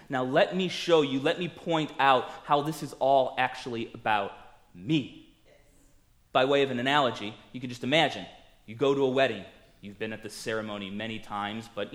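A man preaching a sermon in a conversational way, telling the story with lively acted-out quotes. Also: mid-range voice, normal speed.

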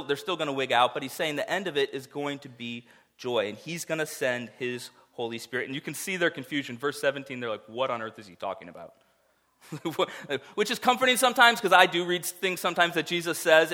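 A male pastor delivers a conversational sermon with a bright, forward tone. He talks to the congregation directly and keeps turning to them with quick asides. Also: medium pitch. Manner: conversational, animated preaching with rhetorical asides.

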